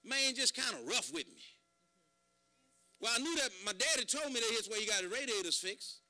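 High, bright-voiced preacher. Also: male voice, a little fast. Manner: emphatic, calls out to the congregation, shouts at peaks. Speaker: pastor. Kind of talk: sermon.

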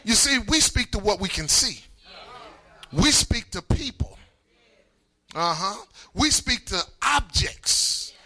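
A man preaching a sermon to his congregation, shifting into a sing-song chant and shouting calls for a response. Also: sits high. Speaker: pastor.

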